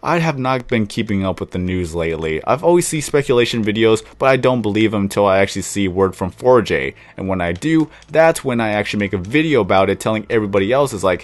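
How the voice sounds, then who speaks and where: A man's voice: lowish voice, fast talker, hardly any pauses. A young man casually commenting while he plays a block-building game, rambling and chatty, sometimes cooing at his pet dog. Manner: rambling, chatty, self-described monotone when calm. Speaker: gaming YouTuber.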